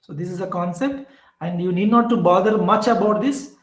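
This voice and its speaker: A man with an Indian English accent teaching a poetry lesson, explaining slowly and repeating points with many fillers. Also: high voice, echoey room, low-quality recording. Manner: slow, repetitive explaining with fillers. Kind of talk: classroom lecture on poetry.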